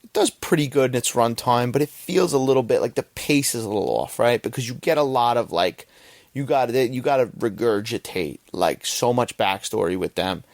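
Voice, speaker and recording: A man's voice: mid-range voice, lively intonation, normal speed, gravelly, dry recording, clean studio sound. A young man hosting a podcast, giving a rambling, profane casual movie review and often checking in with "right?". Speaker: podcast host.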